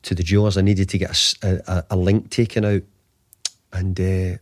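Low-voiced man telling a story in his fifties. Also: flat delivery, dry recording, studio quality. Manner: halting, often repeats words and restarts. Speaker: football manager, interview guest. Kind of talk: conversational storytelling.

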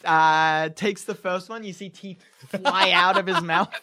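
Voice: mid-range voice, fairly even intonation, measured pace, crowd noise. A game master narrating a tabletop fight in gory, laughing detail, full of fillers. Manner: laughing, gory play-by-play with many "like"s.

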